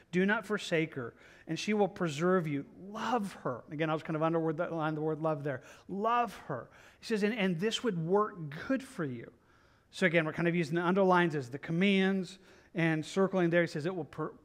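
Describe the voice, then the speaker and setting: Earnest man teaching scripture. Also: fairly high pitch. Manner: earnest, repetitive, conversational with many restarts. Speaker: pastor. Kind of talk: verse-by-verse Bible teaching.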